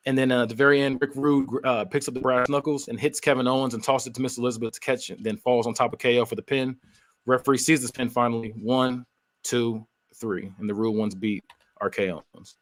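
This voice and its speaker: A man, a podcast co-host, giving a steady play-by-play recap of an imagined match and filling his pauses with "uh" and "um". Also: medium pitch. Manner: steady storytelling with frequent "uh" and "um" fillers.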